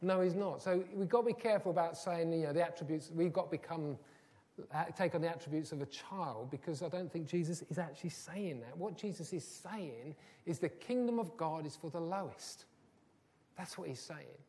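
A man's voice: on the high side, a little fast, dark tone. A man preaching a sermon, earnest and building to emphatic, repeated phrases. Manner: earnest, rising to emphatic repetition.

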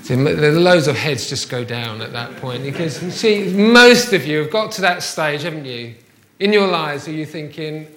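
High-voiced man preaching in a roomy hall. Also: expressive, normal speed, fairly bright tone. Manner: conversational, asks the congregation rhetorical questions. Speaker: pastor. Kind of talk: sermon. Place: church.

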